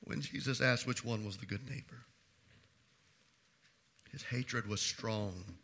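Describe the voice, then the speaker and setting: A man pastor preaching a sermon, swinging between loud emphatic declarations and hushed, low asides. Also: slow pace, pauses often.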